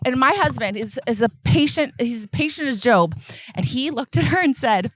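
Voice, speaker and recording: A woman's voice: high voice, moderate pace, no room sound. A woman in her forties telling a family travel story in casual chat, acting out what her family said. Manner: animated storyteller who acts out family members' lines.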